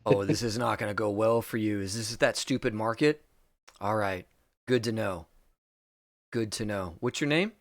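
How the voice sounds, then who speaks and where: A man's voice: lowish voice, normal speed, gravelly, dry recording, clean studio sound. Man doing a sour, snarling Boston thug boss for a tabletop game. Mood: angry. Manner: snarling, hostile. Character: angry male gang boss, foul-mouthed.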